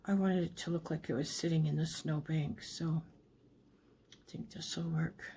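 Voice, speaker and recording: A woman hosting a crafting video, talking casually and a bit self-deprecatingly as she works, often trailing off into soft near-whispers. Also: sits low, fairly even intonation, normal speed, slight background noise. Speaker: crafting channel host. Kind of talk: casual crafting talk-through.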